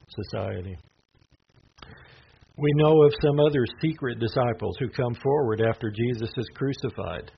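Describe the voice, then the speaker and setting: Male Bible teacher, low gravelly voice, conversational scripture reading, muffled lo-fi recording. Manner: conversational, reads scripture aloud with asides. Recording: dull lo-fi sound with faint noise.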